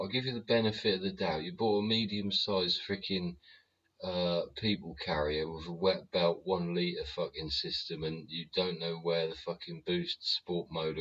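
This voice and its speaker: In a ranting livestream, this British man hosts a show, swearing and rambling while responding to his chat. His low voice is fairly bright and slightly rough, and the recording has its highs cut off.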